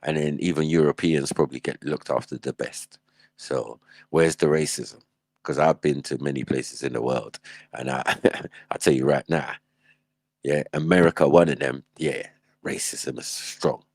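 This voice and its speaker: A man's voice: rumbling low, steady tone, moderate pace, a little mellow, no echo. A man hosting a livestream, reacting in casual, slangy commentary and laughing often. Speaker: livestream host.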